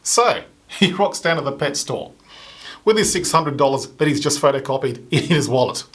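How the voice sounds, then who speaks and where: Man, stand-up comedian, storytelling, higher voice, acts out the other voices. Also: expressive, normal speed, fairly bright tone. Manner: acts out other people's lines with a raised voice.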